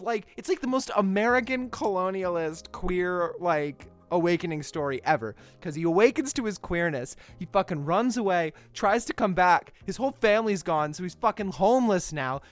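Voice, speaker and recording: A young adult film commentator delivering a comedic, profanity-laced rant, self-mocking and animated. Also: medium pitch, no room sound.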